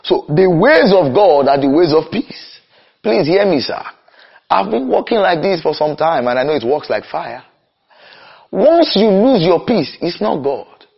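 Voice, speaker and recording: A man's voice: on the high side, sing-song, vocal fry, slightly rough. A young man preaching with fervour, his voice rising and falling widely and sitting a little above the usual male range. He drags out his emphatic lines, then races through the rest. The recording is dull and lo-fi. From Nigeria. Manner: impassioned, swings between slow emphatic cries and rapid runs. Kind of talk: sermon.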